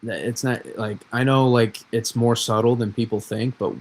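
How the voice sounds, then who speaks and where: A man's voice: medium pitch, steady tone, normal speed, rough recording. A man from New England hosting a weather livestream, rambling and self-correcting in casual chat.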